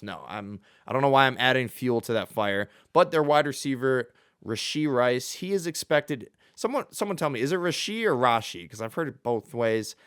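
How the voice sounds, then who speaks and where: A man's voice: fairly low pitch, a bit bright, smooth, dry recording, studio quality. A young man hosting a casual solo sports show, chatty and jokey, with fillers and self-corrections. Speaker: sports podcast host.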